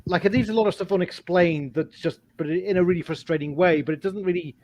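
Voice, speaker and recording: A man's voice: sits high, fast, a little mellow. A man in a casual livestream chat, rambling and chatty, with apologetic asides.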